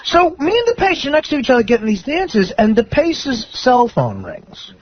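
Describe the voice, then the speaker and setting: A man's voice: very high-pitched, wildly swooping pitch, moderate pace. A man telling a rambling, laughing anecdote on a talk radio show, acting out the people in it. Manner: rambling, laughing anecdote teller with quoted voices. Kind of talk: casual storytelling on talk radio. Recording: dull lo-fi radio broadcast.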